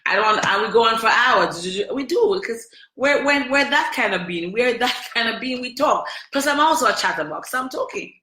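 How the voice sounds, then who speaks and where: A woman's voice: on the high side, expressive, normal speed, hardly any pauses, sharp tone, echoey room. A woman hosting a podcast, telling a personal story in an emotional, emphatic way, with lots of repetition. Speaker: podcast host.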